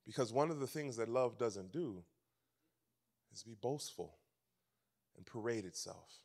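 Animated preacher man telling stories. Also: medium pitch, measured pace, gravelly. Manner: animated storytelling, swings from loud to soft. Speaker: pastor. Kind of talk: sermon.

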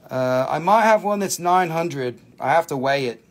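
Here a man sells gems on a home livestream, his fairly high voice lively in intonation and normal in speed. The talk is relaxed and meandering, with easy laughter and some swearing.

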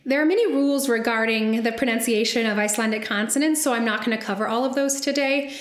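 Young soprano lady lecturing, kinda high voice, careful and explain-y, echoey recital hall. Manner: careful, explanatory, demonstrates sounds slowly. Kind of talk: academic lecture.

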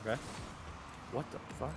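A young man in casual gaming voice chat, making quick callouts with cocky trash talk and some swearing. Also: noisy background. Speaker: streamer playing a team match.

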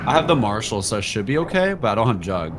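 A man's voice: fairly low pitch, very animated, fast talker. A man playing a co-op game with friends, making laid-back, offhand remarks. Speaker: co-op player. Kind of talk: casual gaming chat. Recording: crowd noise behind.

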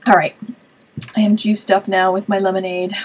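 A woman's voice: mid-range voice, flat delivery, normal speed, a little hiss or hum, poor audio. A woman hosting a card-making web show, chatting casually and thinking aloud as she works on a live stream.

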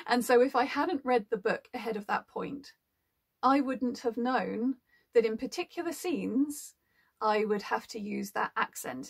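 A woman talks casually to camera about her work as an audiobook narrator. Her voice sits a little high and carries a gravelly, fry-tinged edge. She is chatty and reflective, pausing often with ums as she thinks. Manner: chatty and thoughtful, with frequent ums. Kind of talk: casual explanatory talk to camera.

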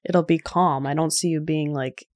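A woman's voice: low-pitched, steady tone, normal speed, a little mellow. A woman comedian chatting as a guest, earnest and reflective, often trailing off. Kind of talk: casual chat.

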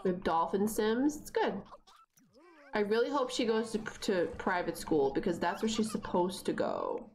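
A young woman streams a life-simulation game, keeping up a loose running commentary and bossing her characters around. Her pitch swoops widely as she talks, and she breaks into sudden excited squeals. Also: moderate pace. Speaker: gaming streamer. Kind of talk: casual gameplay commentary.

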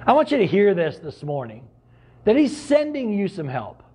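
Earnest conversational man preaching, pitched high. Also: huge pitch swings, normal speed, dark tone, breathy edge. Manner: earnest, conversational preaching with sudden emphatic rises. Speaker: pastor. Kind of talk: sermon.

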